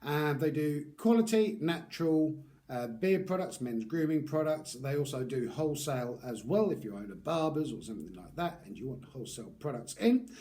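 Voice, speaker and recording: Casting: man, rambling casual reviewer, slightly high voice. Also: lively intonation, moderate pace, mellow. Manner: chatty, rambling, frequent fillers. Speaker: beard product reviewer. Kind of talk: casual product review vlog.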